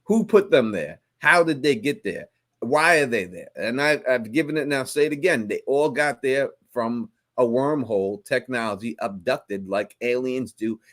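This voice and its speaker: A man's voice: medium pitch, animated, moderate pace. A man hosting a live stream, explaining fan theories at length with many restarts. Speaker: host.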